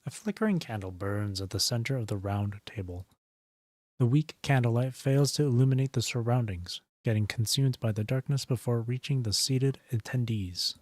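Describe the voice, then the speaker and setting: A man streaming, reading a game's story aloud in a steady narration with small slips and restarts. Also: mid-range voice, dry recording.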